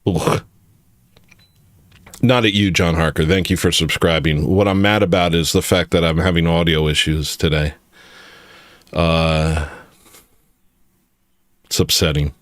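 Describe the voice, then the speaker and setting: A man's voice: low voice, steady tone, a little slow, long pauses, no room sound. A man hosting a casual comedy livestream, rambling and joking while reacting to chat. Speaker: livestream host.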